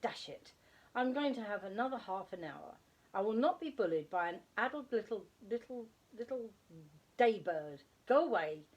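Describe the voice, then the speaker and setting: A woman's voice: medium pitch, expressive, normal speed, voice pushed up, lightly acted. A woman voicing a grumpy, sleepy father barn owl who grumbles and blusters.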